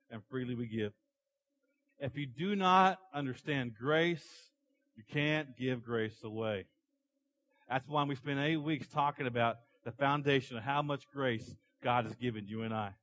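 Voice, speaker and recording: A man preaching a sermon to his church, animated as he tells stories and acts out characters. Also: medium pitch, measured pace, poor audio. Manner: animated storytelling, acting out characters in the parable. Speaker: pastor.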